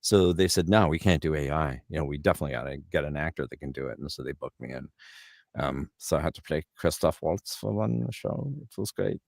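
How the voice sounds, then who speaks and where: Low-voiced middle-aged voice actor, dry close mic, animated anecdotes. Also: male voice, fairly quick, vocal fry, no echo. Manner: lively storyteller, repeats words when starting. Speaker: voice actor guest. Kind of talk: casual interview chat.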